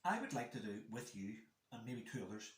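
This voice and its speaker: A man's voice: mid-range voice, very animated, fairly quick. A man chatting casually as a guest, telling a rambling story about his son and acting out the dialogue. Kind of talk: casual chat. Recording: echoey room.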